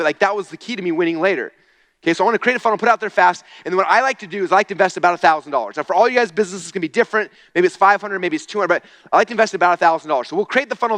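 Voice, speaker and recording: Fast-talking high-voiced man on stage. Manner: energetic, casual, says "okay?" often. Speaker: speaker at a marketing event. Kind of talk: live stage presentation. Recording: long reverb of a large hall.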